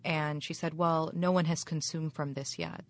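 Female chaplain, low voice, measured and polite while telling what happened to her. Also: fairly even intonation. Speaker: university chaplain. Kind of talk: recounting a personal experience.

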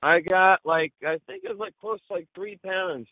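A man's voice: sits high, normal speed, dry recording. A young man telling a story in casual chat, profane and rambling, with lots of filler words. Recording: tinny phone-like line, dry.

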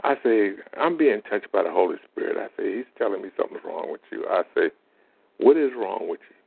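A man's voice: lowish voice, expressive, brisk, gravelly, breathy edge. A man, telling faith-healing stories in a plain-spoken, folksy way as a lay minister. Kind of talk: informal testimony monologue. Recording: tinny phone-like audio.

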